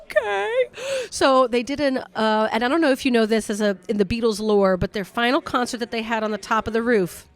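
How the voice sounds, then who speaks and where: A woman comedian telling a story as a podcast guest in casual chat, lively and swearing freely, with quick asides. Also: on the high side.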